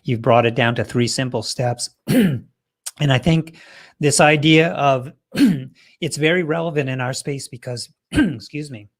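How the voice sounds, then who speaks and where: Measured, appreciative male interviewer. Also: medium pitch. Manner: measured and appreciative, thinking aloud. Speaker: host and interviewer. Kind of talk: interview conversation.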